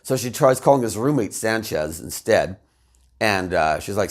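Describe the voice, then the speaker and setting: A man's voice: fairly low pitch, lively intonation, normal speed. A man commentating casually, retelling a story with laughs and rambling asides. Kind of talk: casual video essay retelling.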